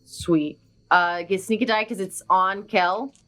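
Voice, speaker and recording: A woman's voice: medium pitch, fairly even intonation, takes it slowly, a bit bright. A woman playing a tabletop game, talking casually with hesitant fillers. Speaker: player.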